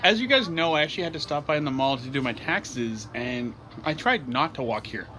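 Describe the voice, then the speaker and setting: A man's voice: fairly high pitch, lively intonation, brisk, noisy background. A young man vlogging casually while out and about, joking and rambling in a chatty way. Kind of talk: casual vlog chat.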